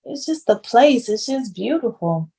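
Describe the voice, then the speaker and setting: A woman's voice: fairly high pitch, measured pace, creaky, breathy edge. Joking Southern woman in her thirties. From Jacksonville, Florida. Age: 30s. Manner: joking, animated storytelling. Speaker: podcast guest. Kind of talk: casual chat.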